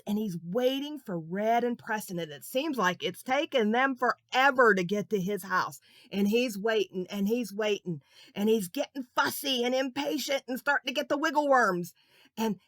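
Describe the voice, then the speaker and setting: Lively woman telling a children's story. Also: on the high side, no room sound. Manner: animated, asks listeners questions. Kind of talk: children's Bible story narration.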